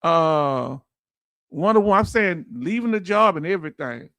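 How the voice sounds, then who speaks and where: A man's voice: fairly high pitch, lively intonation, measured pace, gravelly, fairly bright tone, dry recording. A middle-aged man with a Southern US accent hosting a casual livestream, joking, laughing and reading out viewer comments. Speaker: livestream host.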